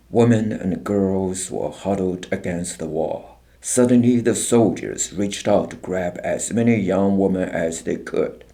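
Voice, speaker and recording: A man narrating an audiobook in a measured, grave storytelling manner. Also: low voice, vocal fry, dark tone.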